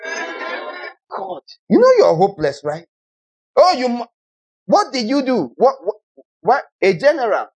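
Husky, animated male preacher. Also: very high voice, moderate pace, long pauses. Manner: rhetorical, mocking, swings from loud to soft. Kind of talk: sermon.

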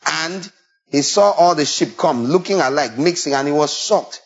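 Animated preacher man, lo-fi. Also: on the high side, moderate pace. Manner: animated, rhetorical questions, acts out bleating and shepherd calls. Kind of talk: sermon. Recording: dull lo-fi recording.

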